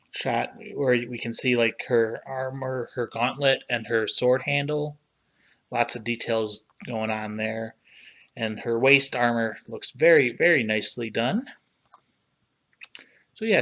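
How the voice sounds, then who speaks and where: A man hosting a casual livestream, talking in an unhurried, relaxed way as he browses and reads things aloud. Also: mid-range voice. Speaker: livestream host reviewing collectible figures.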